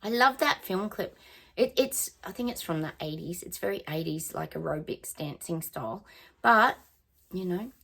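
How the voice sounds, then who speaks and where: A woman's voice: on the low side, lively intonation, moderate pace, vocal fry, bright, forceful tone. A woman psychic chatting casually to her viewers, singing bits of songs and trailing off as she muses. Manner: chatty, sings song snippets, trails off. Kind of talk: casual psychic reading monologue.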